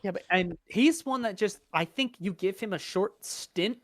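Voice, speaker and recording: A man's voice: high voice, moderate pace, no echo. A young man guesting on a podcast, telling stories eagerly in casual chat.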